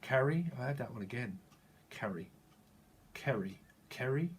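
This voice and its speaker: A man's voice: mid-range voice, lively intonation, measured pace, slight background noise. A man giving a tarot reading, free-associating through wordplay and chuckling as he goes. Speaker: tarot reader.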